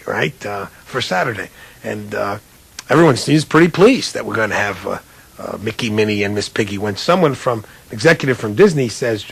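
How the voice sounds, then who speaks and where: A middle-aged man with a gravelly, husky voice tells an anecdote. His delivery turns animated and climbs high on the punchlines. The sound is dry and close. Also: no room sound, poor audio. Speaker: basketball coach turned TV analyst. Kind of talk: storytelling talk.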